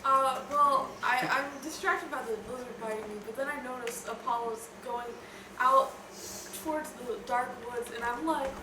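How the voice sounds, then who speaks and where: A woman's voice: high voice, moderate pace. A woman playing a tabletop game, describing her moves in a hesitant way with fillers and restarts. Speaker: player. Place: home room. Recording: echoey room, far from mic, noisy.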